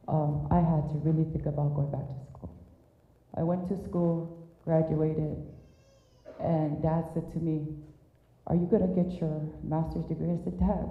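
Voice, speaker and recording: A low-voiced middle-aged woman gives a candid eulogy for her father, telling stories with wry self-deprecating asides. Her voice rings in an echoey hall. It comes through thin and tinny, like a phone line. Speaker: daughter giving a eulogy. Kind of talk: personal memorial speech.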